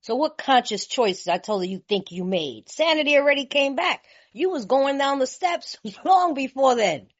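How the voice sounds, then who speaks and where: A woman from California speaking at a recovery meeting, telling her story in a lively, colloquial way and laughing often. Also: fairly high pitch. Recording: slightly muffled lo-fi recording.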